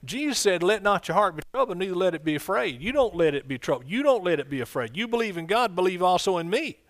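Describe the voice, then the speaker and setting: Male pastor, fiery sermon, higher voice, exuberant outbursts. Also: big pitch swings, fast. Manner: exuberant, bursts of shouted exclamations.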